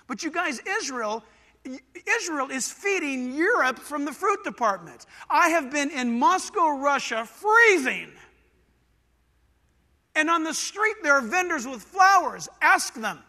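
A middle-aged man from Southern California preaching a sermon, animated and conversational, swinging between loud bursts and quiet asides. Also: extremely high pitch, measured pace, long reverb tail. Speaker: pastor.

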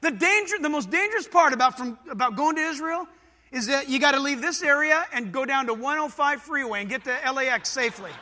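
Preaching in a big-sounding room, a middle-aged pastor from Southern California swings from loud bursts to soft asides in a lively, conversational sermon. His voice is very high and he talks a little fast.

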